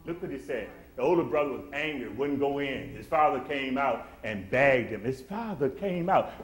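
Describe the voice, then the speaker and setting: A man's voice: medium pitch, lively intonation, moderate pace, few pauses. A man preaching a sermon, swelling into emphatic, acted-out quotes in a church. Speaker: pastor. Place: church sanctuary. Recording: echoey church room.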